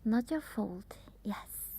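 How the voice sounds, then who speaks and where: A woman whispering as an ASMR streamer, chatting softly and haltingly with her viewers. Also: medium pitch, expressive, a little hiss or hum. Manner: halting, with many fillers. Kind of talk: whispered ASMR livestream chat.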